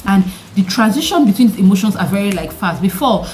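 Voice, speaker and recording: A young woman with a deep, mature-sounding voice, chatting candidly to camera in an animated way and throwing questions at her viewers. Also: quick pace, a little hiss or hum. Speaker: vlogger. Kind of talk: candid vlog chat to camera.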